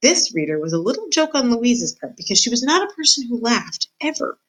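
A woman, a student reader, reading a chapter of a novel aloud in a plain, steady way. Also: on the high side, a little fast, poor audio.

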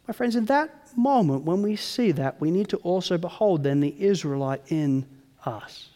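Dramatic high-voiced male preacher in a hall. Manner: dramatic, swings from hushed whispers to loud pleading outbursts. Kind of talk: sermon. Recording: long hall reverb.

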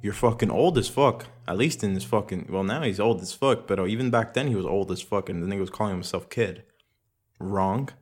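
A man's voice: on the low side, brisk, a little mellow, slightly rough. A young man hosting a casual solo podcast, rambling and swearing a lot, often laughing at himself. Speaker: podcast host. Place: home room with echo.

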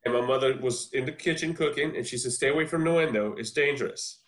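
A man in his forties from New York, telling a childhood story in casual chat with an animated, shifting pace. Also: medium pitch, quick pace, echoey room. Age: 40s.

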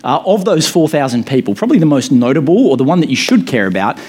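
A man's voice: on the high side, big pitch swings, quick pace, darkish tone, slightly rough. A man in his thirties, a pastor, giving a sermon in a casual, good-humoured way with many fillers. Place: church hall with echo.

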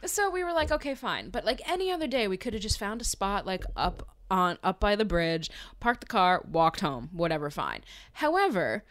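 A woman co-hosting a casual podcast, telling a story with a lively voice that leaps up and down. She swears freely and laughs often as the story rolls on. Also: medium pitch, normal speed, few pauses. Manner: animated, profane storytelling. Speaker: podcast co-host. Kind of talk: casual chat.

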